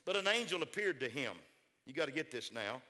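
A man preaching a sermon as pastor, building to shouted call-and-response and leading the congregation to repeat after him. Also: fairly high pitch, very animated, brisk, long reverb tail.

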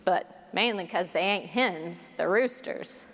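A woman playing a burly, blunt rural farmer who talks in a slow, plain-spoken drawl. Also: fairly low pitch, in a large hall, pitched below the performer's own voice. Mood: deadpan.

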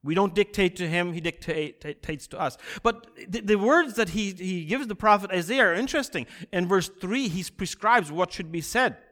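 A man with a high, bright voice preaching a sermon. He speaks earnestly, lets key phrases swell louder and stretches them out for emphasis. His delivery carries a pastor's steady conviction. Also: normal speed, few pauses.

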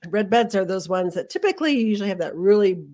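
A woman's voice: mid-range voice, animated, quick pace, dark tone. A woman co-hosting a garden radio show in a studio, explaining plants in a friendly, chatty way. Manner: friendly, laughs often, explanatory. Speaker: garden center co-host. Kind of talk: casual radio chat.

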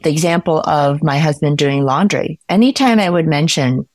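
An emphatic, opinionated woman speaks as a podcast guest in a low voice, hammering each point home by repeating it. Her voice is recorded dry and close, with no room sound at all. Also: moderate pace, a little mellow, no echo. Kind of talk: casual conversation.

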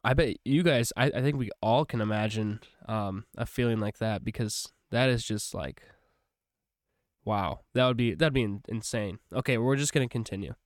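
A man's voice: on the low side, normal speed, no room sound, studio quality. A young man hosting a podcast, reading Bible passages aloud and then chatting about them with fillers and self-corrections. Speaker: podcast host. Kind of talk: casual Bible reading and commentary.

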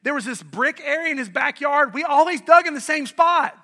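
This middle-aged North Carolina pastor preaches in an extremely high-pitched voice, talking fairly quickly. His sermon is animated and conversational, full of questions and jokes aimed at the congregation.

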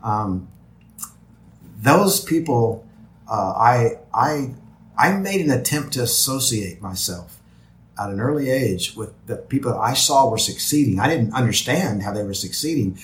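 A man's voice: medium pitch, expressive, measured pace, reverberant. A man talking as a podcast guest in casual interview chat, rambling with many restarts and repeated words.

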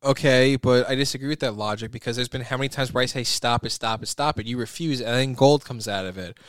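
A man's voice: medium pitch, fast talker, no room sound, clean studio sound. A young man co-hosting a podcast, exasperated and swearing in casual banter. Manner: exasperated, profane. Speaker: podcast co-host.

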